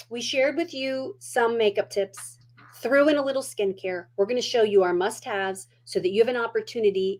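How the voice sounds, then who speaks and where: A woman's voice: mid-range voice, darkish tone. A middle-aged woman hosting a casual makeup tutorial at home, chatty and down-to-earth as she demonstrates.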